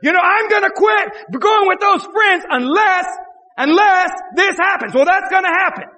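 A male pastor preaching an impassioned sermon, often shouting and repeating his phrases. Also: very high-pitched, normal speed, in a large hall.

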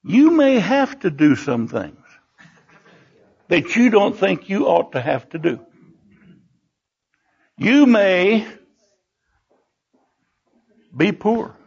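An older man preaching a sermon in a church. He tells personal stories and bursts into animated exclamations. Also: sits high, extremely slow, creaky, pauses often, breathy edge. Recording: dull lo-fi recording.

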